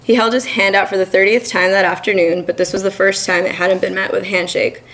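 A young woman student reading her own short story aloud at a college reading, in an even, measured manner. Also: medium pitch, poor audio. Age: young adult. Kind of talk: literary reading.

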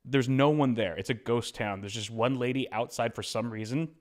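A young man sits at the podcast mic and tells a travel story in a loose, chatty way. His pitch sits in the middle for a man. He keeps it lively by dropping into quick imitations of the people in the story. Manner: animated, acts out quoted voices. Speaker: podcast co-host. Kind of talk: casual storytelling.

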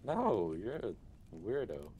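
A man's voice: fairly low pitch, huge pitch swings, slow, mellow, husky. A young man playing a game with friends, teasing them with dry remarks. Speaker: fellow player. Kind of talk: casual gaming chat. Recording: faint background noise.

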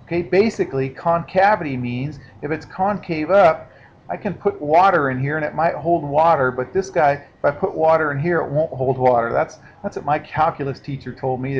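A male math teacher walks through a lesson in a relaxed, conversational manner, pausing to check that students are following. His voice sits a bit high for a man. The recording is dull and lo-fi with a faint hiss underneath. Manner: casual, explanatory, checks in with listeners. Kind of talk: recorded classroom lecture.

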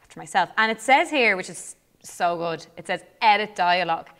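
A woman's voice: mid-range voice, lively intonation, brisk, fairly bright tone. A young Irish woman co-hosting a lesson, chatting and thinking aloud as she demonstrates a build. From Ireland. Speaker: co-host teacher. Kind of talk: casual classroom demo while playing.

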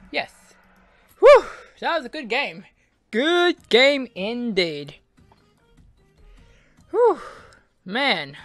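An Australian man with an unusually high voice commentates his own video game like a sportscaster. His delivery swings widely between hushed suspense and shouted cheers, though his pace is unhurried overall. Faint game music plays behind him. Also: no room sound. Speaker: gaming channel host. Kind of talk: self-commentary while playing a video game.

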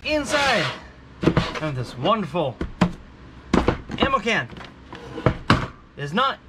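A man's voice: high voice, very noisy. A man hosting a casual gear review vlog, talking in a jokey, rambling way with self-mocking asides. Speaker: channel host.

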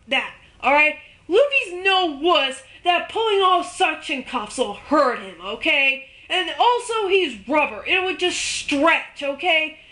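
Bright, high-voiced woman ranting emphatically. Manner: exasperated and emphatic, tagging points with "okay?" and "all right?". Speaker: video ranter. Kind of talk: unscripted rant to camera.

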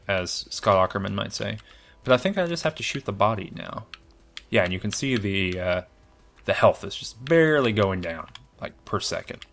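Speaking at a normal speed in a lowish voice, this man narrates his video game playthrough. He thinks out loud, gets excitable, and happily mocks his own gameplay.

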